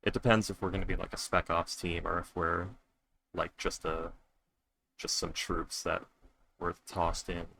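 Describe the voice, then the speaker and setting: A deep-voiced man chatting casually with his fellow players before a tabletop game. His tone is bright and a little tense. He rambles, jokes and stops to correct himself mid-thought. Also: level tone, a little slow, vocal fry. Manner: rambling, self-correcting, joking. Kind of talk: casual chat between players.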